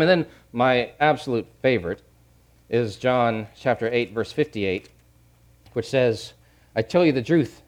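A middle-aged male pastor preaching a sermon, repeating key phrases and swinging from hushed to loud. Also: mid-range voice, lively intonation, moderate pace.

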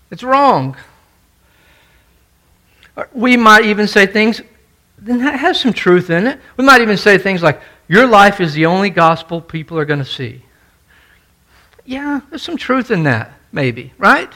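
Pastor guy preaching, pretty high voice, keeps hammering the same point, asks the room "right?". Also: pushed and bright. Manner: emphatic, repeats key points, asks the congregation questions. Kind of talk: sermon.

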